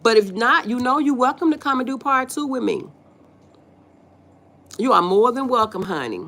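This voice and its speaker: A woman's voice: on the high side, normal speed, long pauses. A woman with a Southern US accent hosting a casual livestream, reading viewers' comments aloud and answering them in a folksy, playful way with frequent laughter. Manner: animated, folksy, reads chat aloud and answers, laughs often. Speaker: livestream host.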